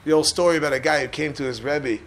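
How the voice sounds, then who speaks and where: A man's voice: a little high, quick pace, fairly bright tone, a little hiss or hum. A man giving an informal Torah class in a joking, chatty way, often putting questions to his listeners. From Israel. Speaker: rabbi teaching a class.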